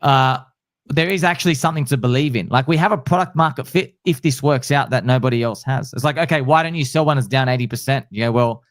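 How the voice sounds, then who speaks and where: A male host chatting casually, excitable and slangy, acting out what others say. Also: mid-range voice, fast, no room sound, clean studio sound. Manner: excitable, slangy, acts out quotes. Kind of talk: casual chat.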